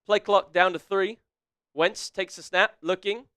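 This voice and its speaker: A young man calling football plays on a live fan stream, shouting at big plays, laughing often, and putting on a playful mock British accent. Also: sits high, fairly even intonation, a little slow, clean tone, dry recording, studio quality. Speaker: live stream co-host doing play-by-play.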